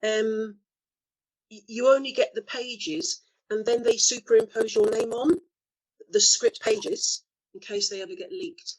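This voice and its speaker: A middle-aged woman telling stories as an interview guest, acting out the quotes with lively shifts of voice and frequent laughs. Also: fairly high pitch, unhurried, rough recording. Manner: lively storyteller, acts out quotes, laughs often. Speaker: actor being interviewed. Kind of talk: anecdotal interview chat.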